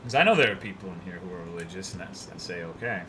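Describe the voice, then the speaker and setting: Bright-voiced profane young streamer guy. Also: deep voice, lively intonation, fast talker, slight background noise. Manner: loose, profane, rambling, reads chat aloud. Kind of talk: casual gaming stream chat.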